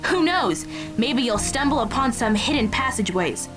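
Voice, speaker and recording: An upbeat, playful young woman on the phone in a detective game, voiced by an actress, cheering on her friend. Her high voice swings widely in pitch. Game music runs quietly underneath. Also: lively intonation, moderate pace, natural voice. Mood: encouraging. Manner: encouraging, playful.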